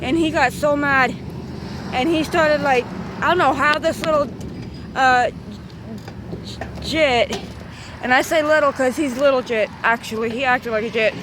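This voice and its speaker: High-pitched woman rambling a vlog story, lots of traffic noise outside. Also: unhurried, long pauses. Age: 30s. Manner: excitable, meandering storytelling with swearing. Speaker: vlogger.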